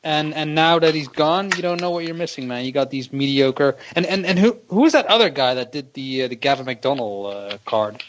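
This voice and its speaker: A man chatting emphatically and excitably about boxing on a podcast, swearing freely. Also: a little high, fairly quick, hardly any pauses, poor audio. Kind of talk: casual boxing chat.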